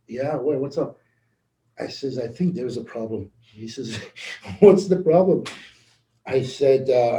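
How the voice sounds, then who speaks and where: A man giving a casual motivational talk, animated and laughing as he acts out conversations. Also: mid-range voice, roomy sound, low-quality recording. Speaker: network marketing leader.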